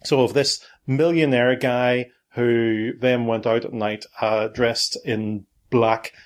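A man's voice: medium pitch, fairly even intonation, slow pace. Middle-aged man, podcast host, loose and playful, often stops to correct himself. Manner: rambling, self-correcting, playful. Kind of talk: casual family podcast chat.

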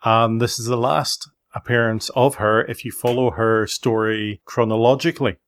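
A man's voice: mid-range voice, steady tone, normal speed. A middle-aged man, hosting a casual family podcast, chatty and full of questions. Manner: chatty, asks questions, restarts sentences. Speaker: podcast host.

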